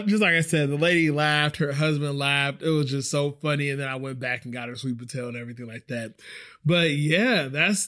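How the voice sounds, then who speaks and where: Young guy rambling thru a work story, kinda high voice, swears a lot, animated. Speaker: podcast host. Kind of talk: casual storytelling monologue.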